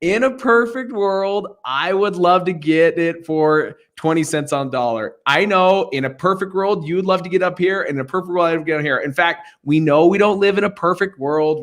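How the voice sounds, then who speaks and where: A man's voice: fairly high pitch, fairly bright tone. A man hosting a live real estate Q&A stream, talking casually in an upbeat, joking, encouraging way over a video call.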